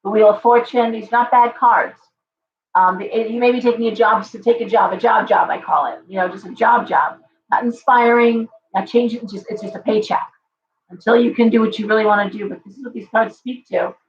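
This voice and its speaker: A woman's voice: fairly high pitch, steady tone, brisk. A woman hosting a live-stream tarot reading, chatty and reassuring, talking straight to her viewers while she is losing her voice. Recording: roomy, slightly dull live-stream audio.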